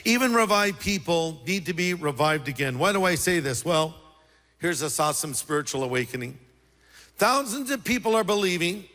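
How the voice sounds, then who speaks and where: A man preaching a sermon as pastor, lively and joking with the congregation. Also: on the high side, moderate pace, long reverb tail.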